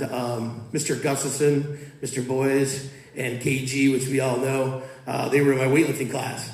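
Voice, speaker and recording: A man in his fifties, a coach and student teacher, speaking to students at a mid-range pitch. His delivery is relaxed and conversational, and it turns rhythmic when he recites poems. The sound is echoey, as if recorded in a school hall. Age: 50s. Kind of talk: poetry reading and talk to students. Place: school auditorium or large classroom. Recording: echoey room.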